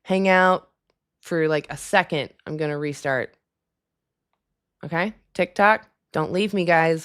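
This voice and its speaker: Low-voiced woman chatting on a live stream. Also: slow, long pauses, fairly bright tone, clear, resonant tone. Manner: rambling, filler-heavy, chatty asides. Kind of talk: casual live-stream chat. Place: at a desk at home.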